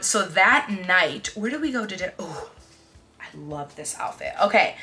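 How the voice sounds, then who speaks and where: Bright, chatty young woman vlogger. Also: fairly low pitch. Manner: chatty and excitable, many fillers and asides. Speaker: fashion vlogger. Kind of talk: casual chat to camera.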